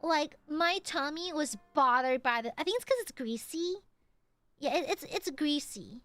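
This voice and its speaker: A young woman livestreamer chatting casually and thanking donors in a cutesy, excitable way, breaking into playful outbursts. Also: sits high, moderate pace, dry recording.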